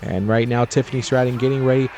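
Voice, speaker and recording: A man's voice: mid-range voice, steady tone, fast talker, a little mellow, soft background music. A man giving casual, rambling commentary over a wrestling video game, with chatty, jokey asides. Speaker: gameplay commentator.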